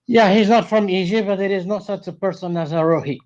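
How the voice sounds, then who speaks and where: A man's voice: high voice, brisk, a little mellow. A man calling in to a debate show, hesitant and stammering with frequent restarts. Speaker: caller. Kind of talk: call-in debate. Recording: dull phone-line caller audio.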